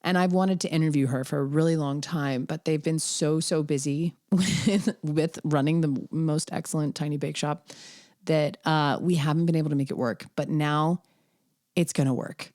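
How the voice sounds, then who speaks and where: Bubbly, low-voiced woman podcast host. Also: moderate pace, no echo, studio quality. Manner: bubbly, excitable, rambling. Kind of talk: casual podcast promo.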